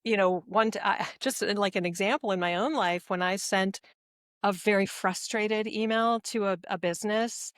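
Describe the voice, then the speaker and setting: A woman talking as a podcast guest in casual conversation, measured and thoughtful, slowing down to choose her words. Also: mid-range voice, no echo, clean studio sound.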